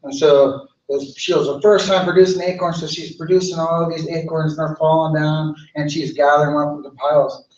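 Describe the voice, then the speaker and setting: A man telling a traditional folk story aloud in an unhurried, repetitive way, in an echoey, distant, lo-fi recording. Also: fairly high pitch, level tone, a little mellow. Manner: unhurried, repetitive, with many restarts.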